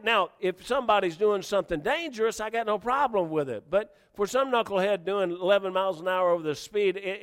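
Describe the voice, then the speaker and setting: A man pastor delivers a sermon with animated, emphatic preaching, often repeating himself and rising into questions. His voice sits high for a man. The sound carries a long reverb from a large hall.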